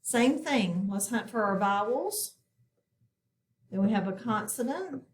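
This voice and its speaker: A woman's voice: on the high side, lively intonation, slow pace, echoey room. A woman teaching a recorded phonics lesson, explaining each step patiently and plainly.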